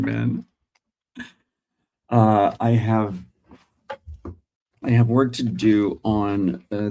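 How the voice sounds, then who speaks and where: A man's voice: lowish voice, darkish tone, a little hiss or hum. A middle-aged man hosting a daily live stream as a working actor, chatting casually and thinking aloud with fillers.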